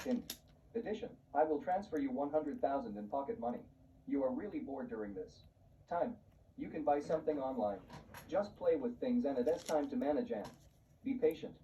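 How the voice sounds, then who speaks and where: A man reading the lines of a calm, generous young son-in-law in a flat, even voice. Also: mid-range voice, normal speed, natural voice. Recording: muffled, distant, faint hiss.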